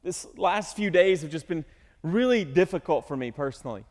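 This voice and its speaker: A fairly high-pitched man preaching with earnest emotion, his voice climbing into pleading cries. Long reverb trails behind him, like a large sanctuary. He sounds like a pastor sharing his heart with a congregation. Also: lively intonation, normal speed, darkish tone. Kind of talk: sermon.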